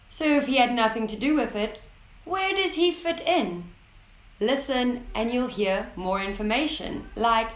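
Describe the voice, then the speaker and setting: A woman hosting an English lesson channel, explaining tips in a clear, deliberate way and stressing key words. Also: on the high side, expressive. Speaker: English teacher, channel host. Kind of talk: scripted lesson to camera. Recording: roomy echo.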